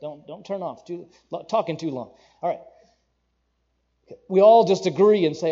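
A man preaching a conversational sermon, animated, with asides to the congregation and playful acted-out quotes. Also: sits high, moderate pace, long pauses, lo-fi sound. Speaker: pastor.

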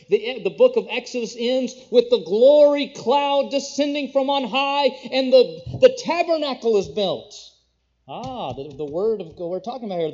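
A man preaching a sermon, reading scripture slowly and rising loud and high on key phrases before dropping low and quiet again. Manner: slows down to read scripture in older-style wording. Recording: dull, lo-fi sound.

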